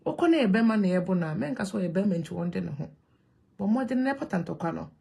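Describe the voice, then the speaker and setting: A woman with a Ghanaian accent talking to camera in an animated, emphatic way, switching between Twi and English. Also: medium pitch, quick pace, gravelly, husky. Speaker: vlogger. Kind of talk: casual monologue to camera.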